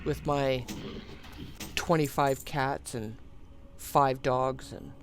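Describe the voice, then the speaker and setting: Slow, rambling gaming streamer. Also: mid-range voice, steady tone. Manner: meandering, chuckling, sighing, mildly profane. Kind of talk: casual rambling storytelling while playing.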